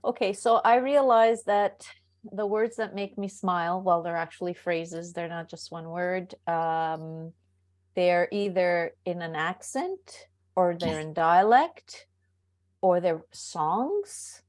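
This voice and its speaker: A woman's voice: lowish voice, slow pace, a little mellow. A woman on a video call, a workshop participant chatting and laughing as she shares funny stories. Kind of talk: casual storytelling.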